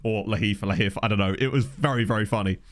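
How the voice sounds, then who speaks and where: This gaming streamer has a fairly low voice and a quick pace. Over a desk condenser mic, he casually talks with viewers as he plays, meandering and self-deprecating.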